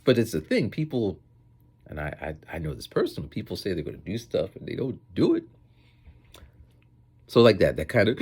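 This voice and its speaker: A vlogger rambles through casual stories in a monologue, animated and acting out the voices of the people he quotes. His voice sits low and slightly rough, at normal speed with long pauses.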